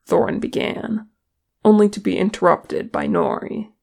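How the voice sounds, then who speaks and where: Creaky-voiced woman reading a story. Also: mid-range voice. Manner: expressive, measured reading. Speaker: audiobook reader. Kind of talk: narrating fan fiction.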